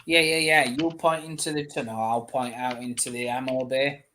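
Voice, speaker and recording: A man's voice: medium pitch, flat delivery, normal speed, sharp tone, slight background noise. Terse male player giving orders. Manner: issues terse commands. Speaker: player as captain. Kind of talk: tabletop role-play.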